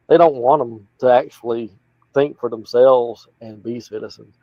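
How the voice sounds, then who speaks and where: A man's voice: mid-range voice, moderate pace, dry recording, lo-fi sound. A man with an Appalachian accent, talking in a plainspoken, folksy, rambling way as a political candidate in an interview. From North Carolina. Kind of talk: casual interview talk.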